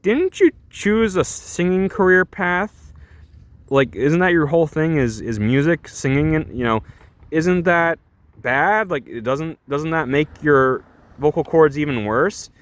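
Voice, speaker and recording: A man's voice: fairly high pitch, expressive, unhurried, no room sound, voice pushed up. A man voicing a doubting young woman. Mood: doubtful.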